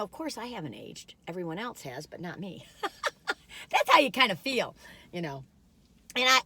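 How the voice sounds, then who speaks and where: A woman's voice: fairly low pitch, fairly bright tone. Giggly middle-aged lady rambling on while she tastes stuff, super chatty. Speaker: food reviewer. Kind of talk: casual chat while taste-testing.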